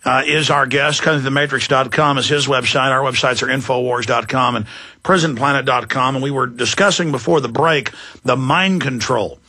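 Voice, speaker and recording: A man hosting a live talk radio show, ranting fiercely and shouting at times. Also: mid-range voice, moderate pace, slightly rough.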